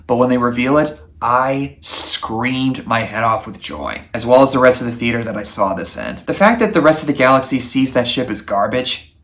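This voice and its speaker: A man's voice: mid-range voice, normal speed, fairly bright tone. Male film reviewer doing a scripted voice-over; earnest, upbeat and conversational, with an ordinary mid-range voice. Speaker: movie reviewer, channel host.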